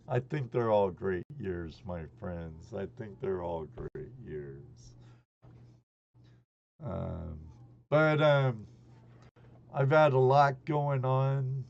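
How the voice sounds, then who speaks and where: A man in his sixties hosts a relaxed live stream. He talks in an unhurried drawl with a gravelly edge, and his rambling, chummy chat comes through dull lo-fi stream audio. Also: on the low side. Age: 60s. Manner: greets chat viewers by name, rambling and chummy.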